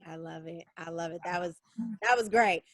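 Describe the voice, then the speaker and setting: A woman's voice: on the low side, normal speed, fairly bright tone, no echo. Enthusiastic woman podcast host. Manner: enthusiastic and effusive, repeats phrases for emphasis. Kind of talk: casual video-call interview.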